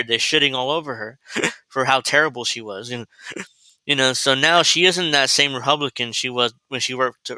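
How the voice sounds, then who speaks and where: A man hosts a political commentary livestream in a blunt, rambling, profane way, mocking as he goes. His voice is very bright and cutting. The sound is close and dry. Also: mid-range voice, smooth, dry recording, poor audio. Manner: mocking, laughs at his own points. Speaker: commentary show host.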